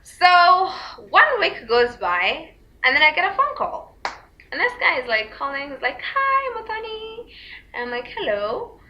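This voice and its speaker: A young woman telling a storytime to her vlog viewers, full of fillers and likes, acting out quotes in a high squeaky voice. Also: sing-song, a little slow, pushed and bright, a little hiss or hum. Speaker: vlogger. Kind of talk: casual storytime chat. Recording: dull lo-fi recording.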